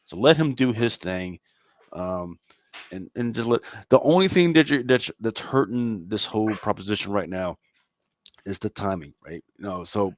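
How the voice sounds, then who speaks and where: With a fairly low, expressive voice at a moderate pace, a Philadelphia podcast co-host chats casually on a dull, dry recording. He talks emphatically, doubling up words and leaning on "man" and "right?".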